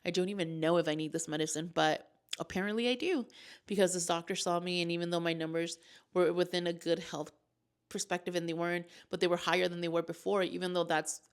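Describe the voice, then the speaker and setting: A woman's voice: fairly low pitch, steady tone, fast, smooth. A young woman vlogger telling a personal story in a casual, emotional, rambling way with lots of fillers.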